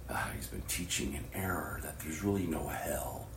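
Middle-aged male pastor, low-pitched, passionate sermon delivery with whispered lows, roomy echo. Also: fairly quick, noisy background. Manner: swings from hushed whispers to loud, impassioned preaching. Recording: echoey room with faint ambience.

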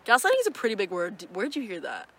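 A woman's voice: medium pitch, wildly swooping pitch, racing, slightly rough. A young woman co-hosting a podcast, chatting casually in a rambling, profane way and giggling often. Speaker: podcast co-host. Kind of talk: casual chat.

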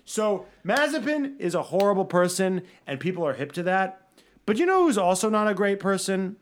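Male podcast co-host with a higher voice, animated and profane in his rants. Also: normal speed. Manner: animated, swearing, mocking impressions. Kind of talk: casual chat.

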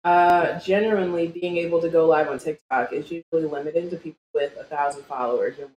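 A woman's voice: low-pitched, fairly even intonation, brisk, a little mellow. A woman co-hosting a casual live-stream podcast chat, blunt, swearing and laughing. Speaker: podcast co-host. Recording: roomy echo, faint background hum.

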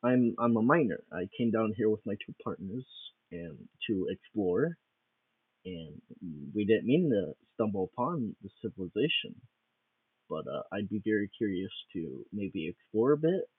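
Man playing a frightened, stammering young miner; husky, low voice over a phone-like line. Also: big pitch swings, normal speed, dry recording. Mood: nervous pleading. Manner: stammering, nervous. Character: frightened young male miner pleading for peace. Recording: tinny phone-like recording.

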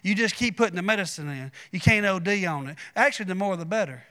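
A man's voice: sits high, lively intonation, quick pace, sharp tone, long reverb tail. A man, preaching a sermon in a folksy, conversational way with asides to the congregation. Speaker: pastor.

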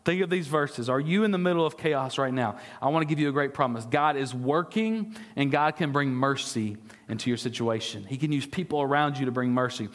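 With a medium-pitched voice moving fairly quickly, a discipleship pastor preaches in a church sanctuary where a long reverb tail follows his words. He earnestly puts questions to his congregation and sometimes stumbles over repeated words.

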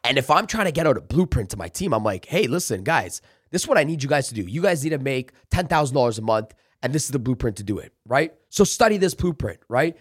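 A man's voice: medium pitch, sing-song, fast, few pauses, husky, dry recording, studio quality. A man talking as a sales trainer in a casual podcast interview, emphatic and coaching, acting out pep talks. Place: office.

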